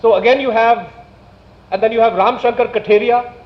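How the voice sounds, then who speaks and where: A man with an Indian English accent speaks at a public talk in a fairly high voice, building his points through pointed rhetorical questions. The sound is dull and lo-fi. It echoes around a large hall. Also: steady tone. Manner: indignant, rhetorical questions, measured emphasis. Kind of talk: public lecture. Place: lecture hall.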